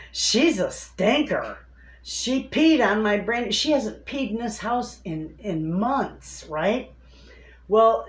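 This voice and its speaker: A woman's voice: mid-range voice, reverberant, poor audio. A woman homestead vlogger chatting casually to the camera from her home, calling her viewers friends. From Michigan, USA.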